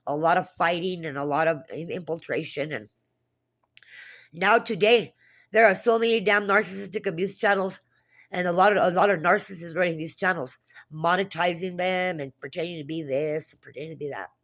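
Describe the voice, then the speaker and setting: A woman's voice: fairly low pitch, fairly even intonation, fairly quick, fairly bright tone. Agitated, cursing woman vlogger. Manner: agitated, profane retelling with frequent restarts. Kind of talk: casual monologue.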